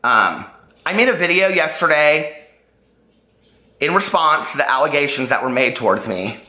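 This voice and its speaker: Agitated man ranting in a bright voice. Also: on the high side, expressive, normal speed, roomy sound. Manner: upset, agitated, rambling with restarts. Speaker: YouTuber responding to allegations. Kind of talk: emotional vlog rant.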